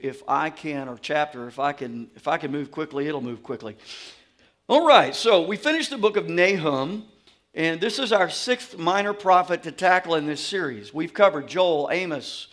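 A man from Louisiana with a Southern accent, teaching a sermon in an animated, folksy way. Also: fairly high pitch, measured pace. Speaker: pastor.

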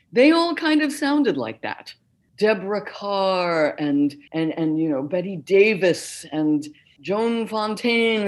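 An older woman, a concert narrator, speaking clearly and deliberately as an interview guest. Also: lowish voice. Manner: clear, deliberate, articulate speech. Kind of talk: interview conversation.

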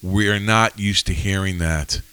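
A man's voice: sits low, steady tone, a little slow, bright, forceful tone, clear, resonant tone, no echo. A man co-hosting a casual faith discussion, speaking emphatically and pressing with questions. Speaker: podcast co-host.

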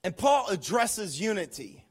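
A man preaching a sermon as a pastor. He is emphatic, repeats key phrases and leads call-and-response, going from hushed asides to shouts. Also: sits high, very animated, unhurried, husky.

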